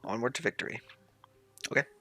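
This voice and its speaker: A man's voice: a little fast, sharp tone, faint music behind. A man narrating a tabletop game as game master, laughing easily and restarting his sentences.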